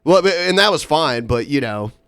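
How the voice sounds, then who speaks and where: A man co-hosting a casual podcast, talking in a lively, up-and-down way and laughing easily. His voice sits right on a dry mic with no room around it. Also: fairly high pitch, moderate pace, clean tone, no room sound. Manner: animated, chatty, laughs often. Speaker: podcast co-host.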